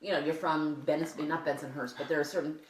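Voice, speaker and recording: A woman and mother talking at a home breakfast table, animated and rambling with many restarts. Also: low voice, fast, far from the mic. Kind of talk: casual breakfast table chat. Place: home kitchen at a holiday breakfast. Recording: echoey room, a bit off mic, light noise.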